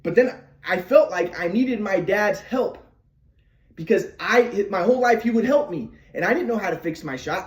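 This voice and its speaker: A man's voice: high voice, big pitch swings, fairly quick, roomy sound. A man telling the story of his basketball shooting problems in a casual monologue, stammering and restarting as he acts out footwork and his father's words. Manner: demonstrates footwork while talking, acts out his father's lines.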